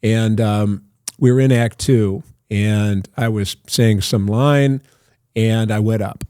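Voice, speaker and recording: A man's voice: lowish voice, fairly even intonation, takes it slowly, a little mellow, smooth, no echo, studio quality. An older man, a guest actor in an interview, telling long anecdotes in a loose, self-interrupting way. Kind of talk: casual storytelling interview.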